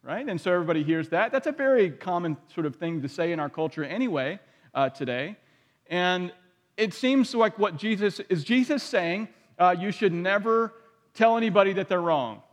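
A man's voice: sits high, expressive, moderate pace, big-room sound. A man preaching a sermon in a conversational way, often asking his listeners questions. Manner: conversational, asks the audience questions. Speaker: pastor.

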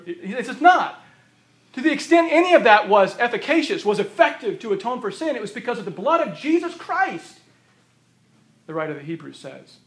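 A man preaching a sermon, emphatic and repeating phrases for stress, his voice going hoarse. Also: extremely high pitch, fairly bright tone. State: losing his voice. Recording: roomy echo of a hall.

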